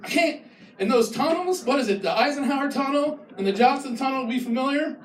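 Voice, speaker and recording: High-voiced ranting stand-up comic. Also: male voice, animated, a little fast, roomy sound, far from the mic. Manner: ranting, mocking, slips into shouted impressions. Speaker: stand-up comedian. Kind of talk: stand-up comedy set. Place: live comedy venue with an audience.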